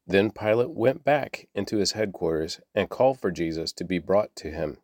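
A man reading scripture aloud in a very low voice. He keeps a steady pace, now and then repeating a word or correcting himself, and the sound is dry and close. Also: moderate pace, no room sound. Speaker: Bible reader.

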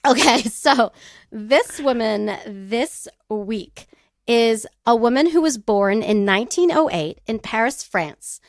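Higher-voiced woman, casual podcast chat, giggly, self-deprecating, dry close sound. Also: animated, slow pace, no room sound. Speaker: podcast co-host.

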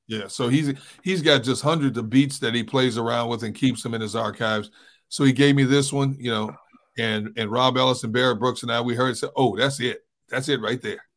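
A man's voice: medium pitch, steady tone, a little fast, a bit bright. A middle-aged man hosting a sports talk show, easygoing, telling stories and giving pep talks. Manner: easygoing, storytelling, preachy at times. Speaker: sports radio host.

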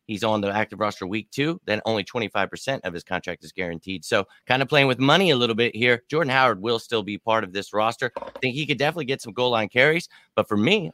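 Man, casual sports talk, bright forceful tone, dry close sound, confident and explanatory. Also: medium pitch, no room sound. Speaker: podcast panelist.

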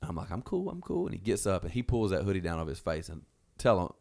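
Low, gravelly male storyteller, animated, profane, jumps into character voices. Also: fast. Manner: animated, swearing, acts out quotes in raised voices. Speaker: storyteller guest. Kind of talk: casual storytelling.

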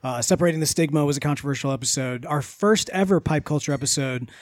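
A man co-hosting a podcast, joking in quick banter. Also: fairly high pitch, no room sound. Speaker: podcast co-host. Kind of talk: casual chat.

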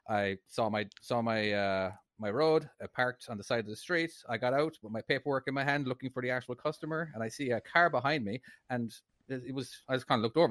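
Animated Irish man telling a story. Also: mid-range voice, no room sound, clean studio sound. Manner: animated anecdote teller, swears, laughs. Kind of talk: casual storytelling.

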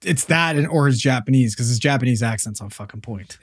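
A man co-hosting a casual podcast, telling stories in an animated way and swearing a lot. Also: mid-range voice, brisk, husky. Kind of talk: casual chat.

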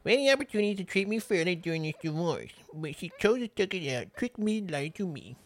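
A man's voice: high voice, very animated, fairly quick, pitched above the performer's own voice. A man putting on the voice of a whiny, self-pitying grown man who sounds like a little boy. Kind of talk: podcast impression.

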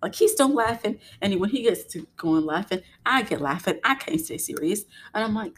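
A young adult woman, a mother, telling a story in a casual, animated way and acting out what people said. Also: mid-range voice, normal speed, hardly any pauses, husky. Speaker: vlogger, mother.

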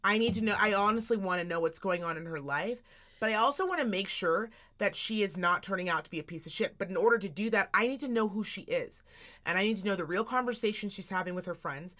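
A woman's voice: medium pitch, fast, sharp tone. A woman in her thirties chatting casually as a podcast co-host, candid and full of profanity as she tells family stories. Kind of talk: casual chat.

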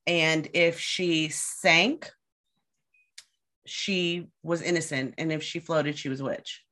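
A woman guest on a casual podcast, telling a story with a lively, animated delivery. Her voice sits a little low, and she slips into quick acted-out voices for the people in her tale. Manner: lively storyteller who acts out quoted voices.

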